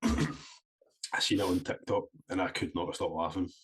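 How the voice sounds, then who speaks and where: Husky low-voiced Scottish man. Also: steady tone. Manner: laughing, quick questions. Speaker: podcast co-host. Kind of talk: casual chat.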